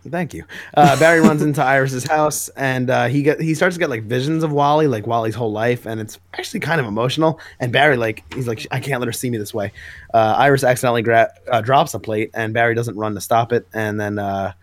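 A man's voice: medium pitch, quick pace, hardly any pauses. A man co-hosting a casual comic book podcast, recapping scenes with enthusiasm and acting out the lines. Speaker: podcast co-host.

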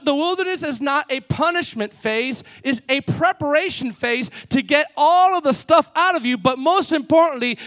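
A middle-aged pastor of Cuban background preaches a sermon animatedly, swinging between loud peaks and low asides.

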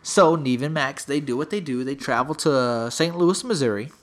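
A man's voice: mid-range voice, moderate pace. A man casually telling a long story to a friend, acting out the people in it.

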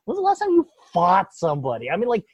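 A man rants in a casual political chat, swearing freely and slipping into mock voices. His pitch leaps all over, and his voice is a little husky. The sound is dry and dull, like a lo-fi podcast mic. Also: quick pace, dry recording. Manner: profane, animated ranting with mock voices.

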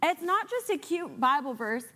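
A woman with a high voice preaches a sermon with lots of energy. She moves between earnest urging and playful, sarcastic asides. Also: sing-song, normal speed, bright, forceful tone. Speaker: guest preacher.

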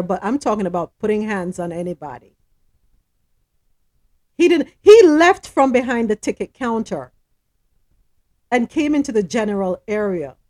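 A woman's voice: mid-range voice, a little mellow. A woman hosting a casual news show, reading stories and giving emphatic commentary full of rhetorical questions. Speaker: host.

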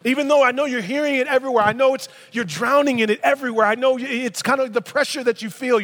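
A man's voice: extremely high pitch, quick pace, few pauses, fairly bright tone. A man in his thirties preaching a sermon in a church, reading scripture and breaking into casual, emphatic asides. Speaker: pastor. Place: church sanctuary. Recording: long reverb of a large hall.

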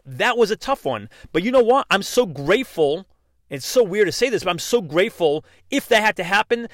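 A man's voice: high voice, a bit bright, no echo, studio quality. A middle-aged man giving an earnest personal motivational talk, emphatic and repeating his key lines. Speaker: motivational speaker.

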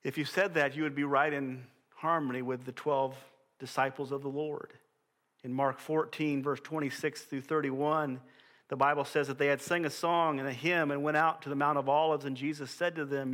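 A man preaching a sermon as pastor, reading scripture aloud in an earnest voice, often falling soft at the end of a phrase. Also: on the high side, steady tone, moderate pace.

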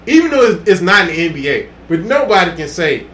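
A man with a high, very lively voice tells sports stories in loose, excitable podcast chat, jumping into acted quotes and laughing loudly. He was recorded in an echoey room with a faint hiss behind him. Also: fast talker. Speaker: podcast co-host. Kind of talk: casual chat.

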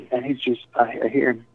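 A man's voice: mid-range voice, flat delivery, moderate pace, creaky. A man telling a rambling story in casual chat, swearing and saying "dude" and "like" a lot. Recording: tinny phone-like sound, dry.

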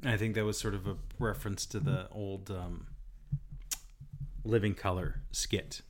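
A man's voice: sits low, fairly even intonation, unhurried, a little hiss or hum. A man in his forties leading a casual interview chat, prompting a friend with easygoing questions.

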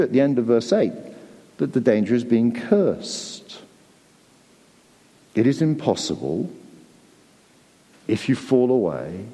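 A man's voice: mid-range voice, warm tone, in a large hall. A man preaching a sermon to a church congregation, earnest and pleading, often repeating words as he presses his point. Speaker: pastor.

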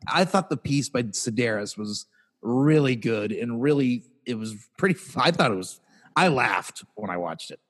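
A man's voice: medium pitch, animated, normal speed. A man co-hosting a podcast in casual chat, rambling, swearing and trailing off mid-sentence. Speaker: podcast co-host.

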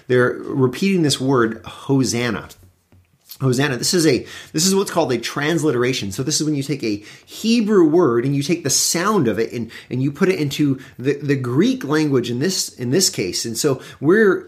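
A man who is a pastor, giving a conversational Bible teaching in a relaxed, explanatory way, with frequent fillers and restarts. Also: mid-range voice. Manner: reads scripture aloud with rising emphasis.

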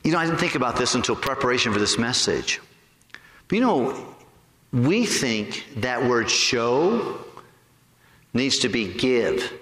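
A man preaching a sermon to his congregation. He asks them rhetorical questions and stretches key words slowly for emphasis. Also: mid-range voice, sing-song, fairly bright tone. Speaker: pastor. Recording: echoey hall with long reverb.

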